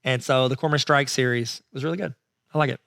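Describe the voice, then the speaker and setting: A man's voice: medium pitch, fairly even intonation, fast, creaky, fairly bright tone, no echo, clean studio sound. A man co-hosting a podcast in casual chat, rambling and poking fun at himself, with lots of fillers and laughter. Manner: rambling and self-mocking, with frequent fillers and laughs. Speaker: podcast co-host.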